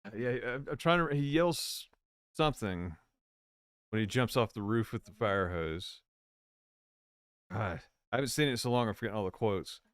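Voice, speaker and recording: A man's voice: medium pitch, lively intonation, normal speed, pauses often, a bit bright, smooth, no room sound, studio quality. A man chatting casually on a live stream, rambling and searching for words as he recalls things.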